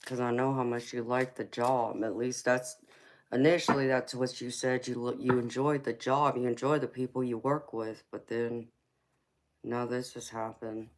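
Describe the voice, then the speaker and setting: Flat-toned Southern woman chatting with viewers. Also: rumbling low, moderate pace. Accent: Southern US, Georgia. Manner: affectionate, calls viewers sweetheart and baby. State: fighting a cold. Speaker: tarot livestream host. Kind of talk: casual live chat reading comments.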